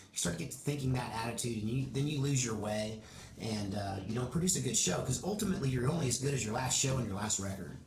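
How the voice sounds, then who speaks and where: A man's voice: mid-range voice, expressive, quick pace. A middle-aged man with a Texas accent, a band member chatting folksily in an interview, with many fillers. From Oregon. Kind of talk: casual interview chat. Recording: echoey room with crowd noise.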